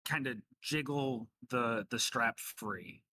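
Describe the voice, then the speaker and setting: A man's voice: medium pitch, takes it slowly, pushed and bright, dry recording. A man narrating as game master in a casual tabletop game session, describing actions and tallying damage. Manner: casual, descriptive, tallies dice aloud.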